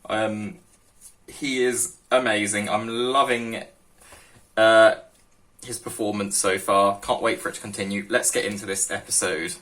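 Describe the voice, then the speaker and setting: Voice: mid-range voice, fairly even intonation, unhurried, fairly bright tone, far from the mic, slight background noise. A reaction host musing aloud in casual, rambling commentary.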